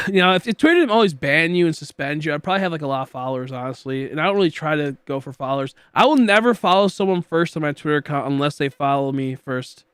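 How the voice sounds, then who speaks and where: Young male streamer from Michigan, slightly high voice, dry close sound, rambling goofy casual chatter. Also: expressive, fast, a bit bright, smooth, no echo. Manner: rambling, goofy, filler-heavy. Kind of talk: casual chat while gaming.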